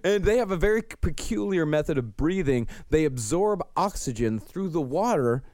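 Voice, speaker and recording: A man narrates cryptid accounts for a casual podcast, his pitch lively and a bit high for a man. The sound is dry and close. He reads out dates and descriptions in an even storytelling way. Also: normal speed, no echo. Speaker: podcast co-host. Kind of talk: casual podcast chat, reading cryptid lore.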